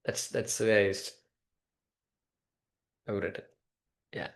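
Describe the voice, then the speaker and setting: A man's voice: lowish voice, steady tone, slow pace. A man teaching a scripture class, explaining patiently and repeating key points for his students.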